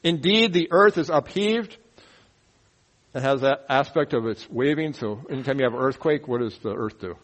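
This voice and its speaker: A man teaching the Bible verse by verse in an animated way. He asks rhetorical questions, makes sound effects, and drops folksy, joking asides. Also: medium pitch, normal speed, rough recording.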